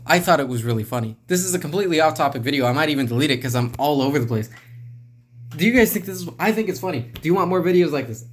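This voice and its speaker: A man's voice: fairly high pitch, lively intonation, quick pace. A man giving casual, rambling commentary on a comic book, wry and self-deprecating, talking straight to his viewers.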